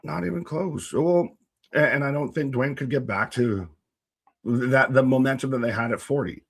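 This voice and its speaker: A man with an everyday mid-range voice chats loosely on a live wrestling watch-along. He cracks jokes and rattles off shout-outs to viewers in the chat. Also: medium pitch, normal speed, vocal fry, slightly rough, dry recording. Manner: jokey, reads out chat names and shout-outs. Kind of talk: casual live-stream chat.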